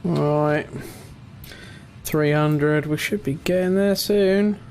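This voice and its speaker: Relaxed man narrating gameplay. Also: on the high side, slow, slight background noise. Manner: relaxed, chatty, mild swearing. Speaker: gaming channel host. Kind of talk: casual gameplay commentary.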